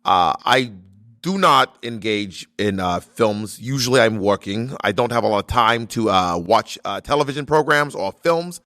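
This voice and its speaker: A man doing an impression of an elderly male senator, slow and halting, full of "uh"s and offended dignity. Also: on the low side, expressive, bright, forceful tone, dry recording. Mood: indignant. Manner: slow, halting delivery with many "uh"s.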